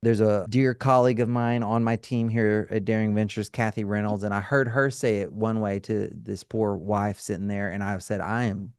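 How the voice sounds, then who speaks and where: A man's voice: lowish voice, fairly even intonation, moderate pace, hardly any pauses, darkish tone, clean tone, no room sound. Man explaining like a teacher, dry sound. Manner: teacherly, often checks in with "right?" and "okay?". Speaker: counselor and trauma specialist guest. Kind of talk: explanatory interview talk.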